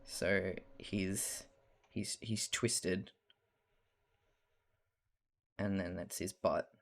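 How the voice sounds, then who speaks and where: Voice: sits low, steady tone, drawn-out words. A young adult with a mild Australian accent chatting casually on a live stream while drawing, rambling and laughing often, with the odd swear.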